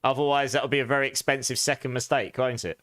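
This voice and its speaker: A man's voice: medium pitch, fairly even intonation, quick pace, a bit bright, no echo, clean studio sound. A man streaming a game live, chatting casually with viewers and laughing often. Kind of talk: casual live stream chat while gaming.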